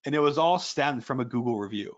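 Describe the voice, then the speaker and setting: A man's voice: mid-range voice, expressive, quick pace, lo-fi sound. A man giving a casual webinar presentation as an ethical hacker, rambling through anecdotes with lots of fillers.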